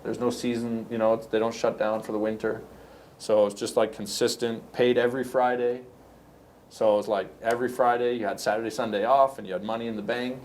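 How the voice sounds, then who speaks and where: A man's voice: mid-range voice, flat delivery, brisk, a little mellow, a little hiss or hum. A middle-aged man from Canada, a podcast guest, telling work stories in a rambling, casual way with many restarts. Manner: rambling, anecdotal, frequent restarts. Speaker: podcast guest, construction company owner. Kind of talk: casual storytelling.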